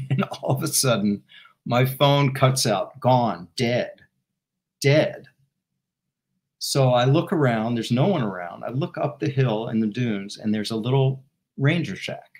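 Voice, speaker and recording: A man who is a guest and former football team executive, telling an anecdote in an animated way and laughing as he goes. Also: medium pitch, a little slow. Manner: animated, laughing while he tells it. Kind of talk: storytelling anecdote in interview.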